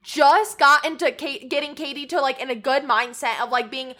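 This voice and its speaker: A woman co-hosting a casual gossip podcast, emphatic and quick to chime in, swearing freely. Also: high-pitched, steady tone, pushed and bright. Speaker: podcast co-host.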